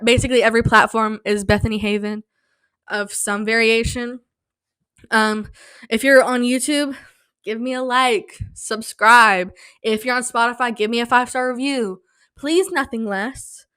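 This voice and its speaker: A young woman hosting her own casual podcast, hyper and rambling, sleep-deprived and slap-happy, with a slightly sore throat from yelling. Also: on the high side, clean tone, no echo. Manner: hyper, rambling, self-mocking. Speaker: podcast host. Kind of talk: casual solo podcast chat. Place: small home studio. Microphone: studio mic, close.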